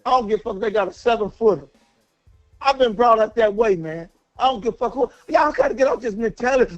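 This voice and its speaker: A man's voice: very high-pitched, fast talker, soft background music. A man calling in to a sports talk show, angry and worked up, ranting with a lot of profanity and repeating himself. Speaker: caller. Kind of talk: heated call-in rant. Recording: dull lo-fi call audio.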